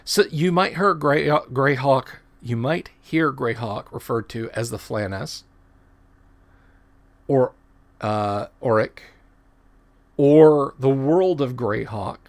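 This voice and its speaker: Here a middle-aged livestream host chats casually, rambling and often fixing what he says mid-sentence. His mid-range voice moves slowly, with frequent pauses.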